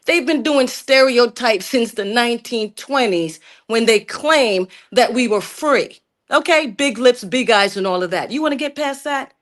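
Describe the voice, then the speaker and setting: Calling in to a heated talk-stream debate, this middle-aged woman from Jamaica keeps addressing the host as "sir" while she argues indignantly. She speaks at a measured pace in a higher voice with lively intonation.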